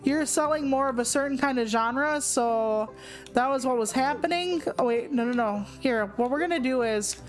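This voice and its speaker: Woman, 40s, let's play host; high voice, goofy and chatty, faint music bed. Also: moderate pace. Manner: goofy, self-mocking, chatty. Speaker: gaming channel host. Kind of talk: casual let's play commentary.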